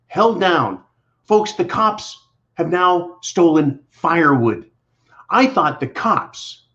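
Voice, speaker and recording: A man's voice: a little high, a bit bright. A man hosting a political commentary show, talking in a blunt, combative, sarcastic way. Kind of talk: angry monologue to viewers. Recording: dull lo-fi audio.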